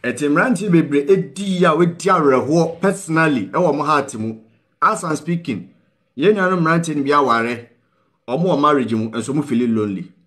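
A man's voice: on the high side, brisk, fairly bright tone. A man with a Ghanaian accent hosting a call-in talk show, switching between Twi and English and prodding viewers with questions as he gives earnest advice. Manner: keeps prodding viewers with "What you say?", mixing Twi and English; earnest, pleading, advice-giving tone. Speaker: host.

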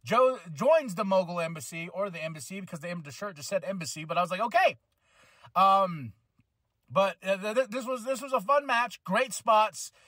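A man with a high voice hosts a casual podcast, rambling through a wrestling review. He gets excitable, swears freely and slips into goofy voices for the wrestlers. The sound is dry and close, with no room echo. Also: normal speed.

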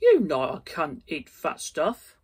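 A man voicing a grumpy old male miser who cries out high and strained when upset. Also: wildly swooping pitch, slow pace, husky, full character voice.

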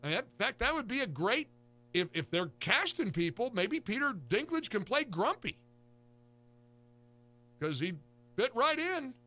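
A man's voice: very high-pitched, sing-song, moderate pace, long pauses, pushed and bright. A man commenting casually in an incredulous, joking way, stammering through his questions.

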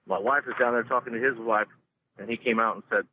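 A man's voice: mid-range voice, steady tone, fast talker, breathy edge. A man in a laid-back way telling a story, with many "you know" asides. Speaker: caller telling an encounter story. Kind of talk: casual storytelling. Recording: tinny phone line.

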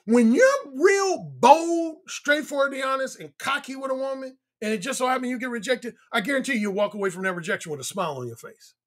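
A man's voice: extremely high pitch, lively intonation, a little fast, few pauses. A man, a dating coach, telling stories and giving advice in a boastful, emphatic way, often repeating his lines. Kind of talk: casual monologue to viewers.

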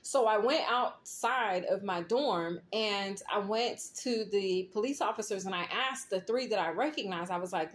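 A woman's voice: medium pitch, a little slow, few pauses, slight background noise. Rambling woman doing a tarot reading. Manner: rambling, checks in often with "okay?" and "right?". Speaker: tarot reader. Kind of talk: casual tarot reading and dream storytelling.

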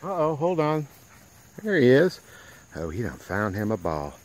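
Give me a slow, easygoing man cooing at his dogs outside, with faint crickets behind him. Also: medium pitch, wildly swooping pitch, a little hiss or hum. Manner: doting, playful baby talk to dogs. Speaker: dog breeder. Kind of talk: casual outdoor vlog talking to puppies. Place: outdoors in a rural yard.

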